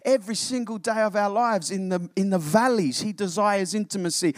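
Man preaching an animated sermon. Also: high-pitched, fairly quick, few pauses, dry recording, studio quality. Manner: animated preaching, addressing the congregation as church. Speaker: pastor.

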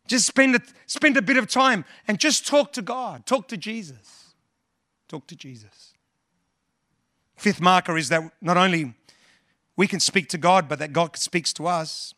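A man's voice: high-pitched, normal speed, pushed and bright, dry recording, clean studio sound. A male pastor preaching earnestly, often repeating words and quoting scripture and hymns. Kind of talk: sermon.

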